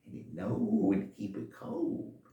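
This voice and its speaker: A man's voice: sits high, huge pitch swings, measured pace, mellow, roomy sound, far from the mic, dull audio, voice pushed up, exaggerated voice. A man voicing a clever young shoe shine boy in folksy, non-standard speech. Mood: cheeky.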